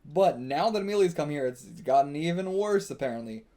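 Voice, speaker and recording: A man's voice: on the high side, expressive, a little fast, warm tone. A man hosting a live manga reaction, reading along and thinking aloud casually, laughing often and swearing now and then. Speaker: manga reaction channel host.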